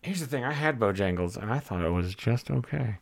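A podcast host running a casual, comedic chat, animated and steering the segments. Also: medium pitch, fairly quick, creaky. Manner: animated, runs the segments, bursts into loud laughing outbursts.

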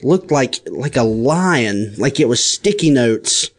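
A young man chatting casually, telling animated stories. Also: medium pitch, slow pace. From United States. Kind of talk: casual chat.

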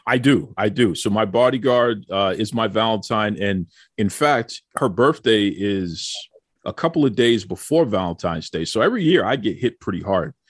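Joking male podcast host, animated delivery, dry close sound. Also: on the low side, normal speed, slightly rough, no echo. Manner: joking, teasing, repeats words. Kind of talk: casual chat.

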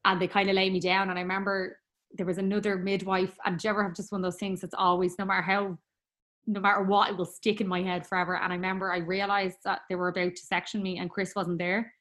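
A young woman telling a personal story in a chatty, rambling way, full of fillers and quick laughs. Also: mid-range voice, level tone, fairly bright tone. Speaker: guest.

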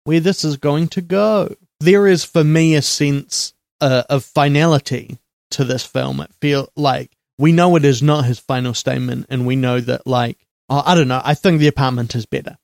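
Guy hosting a movie podcast, mid pitch, chatty and jokey, dry sound. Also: steady tone, gravelly, darkish tone, no room sound. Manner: chatty, quick asides and jokes. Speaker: podcast host. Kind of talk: casual film discussion.

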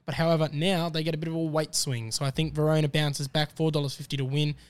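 An Australian man co-hosting a casual racing podcast, confidently rattling off his tips and prices. His voice sits a little higher than most men's and comes through clean and smooth. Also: steady tone, fast talker. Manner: upbeat, confident tipster banter. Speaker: podcast co-host tipping races.

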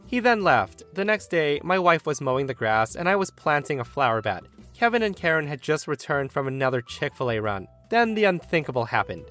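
A man narrating a story in a wry, animated way. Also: a little high, a little fast, hardly any pauses, soft background music.

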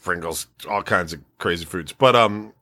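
A man in his forties chatting casually, his voice sitting a little low. He rambles frankly, swears without a second thought, and leans on plenty of fillers as he talks things through. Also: moderate pace, pushed and bright, slight background noise. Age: 40s. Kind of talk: casual chat.

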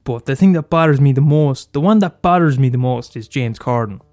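A man's voice: mid-range voice, expressive, brisk, darkish tone, no echo, clean studio sound. Sweary Irish man ranting on a podcast. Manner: sweary, blunt, self-mocking, repeats lines for effect. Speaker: podcast host. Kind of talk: solo comedic podcast rant.

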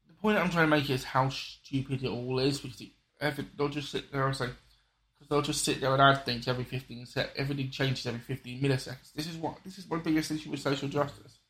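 A man's voice: mid-range voice, steady tone, fast talker, fairly bright tone. A man in casual conversation, rambling and restarting his sentences with frequent apologetic asides. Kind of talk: casual political chat.

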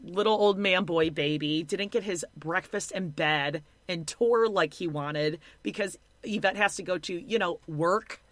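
A woman's voice: fairly low pitch, measured pace, few pauses, dry recording. A young woman co-hosting a casual recap chat, sarcastic and blunt, with lots of "like" and swearing. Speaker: podcast co-host.

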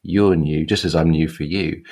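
A man co-hosting a podcast over a video call, speaking slowly and thoughtfully with frequent restarts. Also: a bass voice, fairly even intonation, darkish tone, breathy edge. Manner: thoughtful, slow, hesitant, with restarts. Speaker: podcast co-host.

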